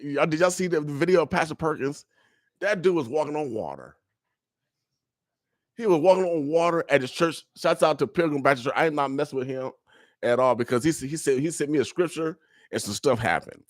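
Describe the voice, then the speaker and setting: A man's voice: mid-range voice, no echo. Preachy older man, dry studio voice. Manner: preachy, repetitive, joking, street talk. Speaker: radio talk guest. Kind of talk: casual radio monologue. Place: radio studio. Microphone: studio microphone.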